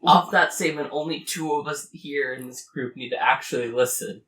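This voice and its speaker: A player at a tabletop game who jumps in with quick jokes and in-character plans in casual talk. The voice is mid-pitched and comes from well off the microphone. The room around it is echoey. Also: a bit bright, slight background noise. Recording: roomy, from a distance.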